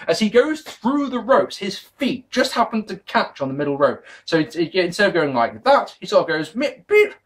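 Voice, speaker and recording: Brief: male reviewer, excitable and self-correcting, animated pitch. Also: moderate pace, few pauses. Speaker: video reviewer. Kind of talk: casual wrestling DVD review.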